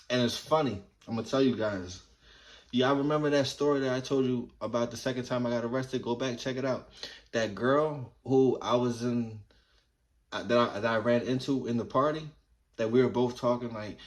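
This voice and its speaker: Medium-pitched and fairly even in intonation, this thirties-aged man from New Jersey, USA, speaks at a moderate pace. A vlogger, he casually rambles through childhood stories and swears freely.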